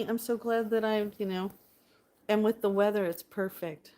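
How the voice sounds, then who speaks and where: A woman's voice: mid-range voice, steady tone, normal speed, warm tone. Bubbly woman chatting on a phone. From California. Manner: bubbly, chatty, answers viewers. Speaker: vlogger. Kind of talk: casual live-stream chat. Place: home indoors by a window.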